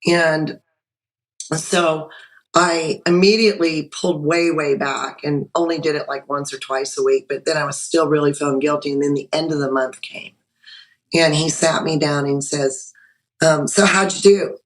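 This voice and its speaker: A woman guest on a podcast, chatting over a video call and telling her story in a lively way with frequent restarts. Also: sits low, normal speed, poor audio. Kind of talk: personal story told in conversation.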